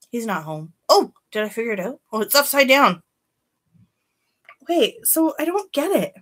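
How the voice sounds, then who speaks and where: A woman's voice: a little high, lively intonation, unhurried, long pauses, a bit bright. A woman chatting casually on a beauty live stream, greeting viewers by name and giving candid opinions.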